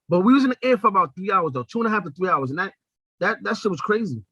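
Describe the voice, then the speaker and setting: A young man hosting a podcast, telling a comedic story in a profane, animated way and acting out the quotes. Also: high voice, rapid-fire, slightly rough, no echo. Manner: animated, profane, acts out quotes in shifting voices. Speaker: podcast host.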